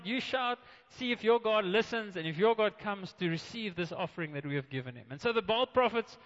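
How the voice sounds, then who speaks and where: A man preaching a sermon, telling a story with animated delivery, acting out the quoted voices and often restarting his words. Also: sits high, brisk, hardly any pauses. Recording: muffled, with long reverb in a hall.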